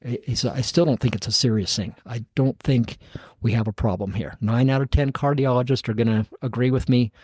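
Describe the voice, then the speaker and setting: A man's voice: mid-range voice, fairly quick, hardly any pauses, a little mellow, husky, no room sound. A middle-aged man, a podcast guest, tells his own story in casual talk, acting out the voices of the people in it and chuckling at himself.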